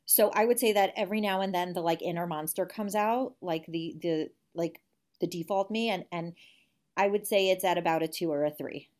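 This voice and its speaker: A woman's voice: on the low side, brisk, darkish tone. A woman in her forties, a guest in an interview, speaking in a reflective, candid way with frequent restarts. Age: 40s. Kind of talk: conversational interview.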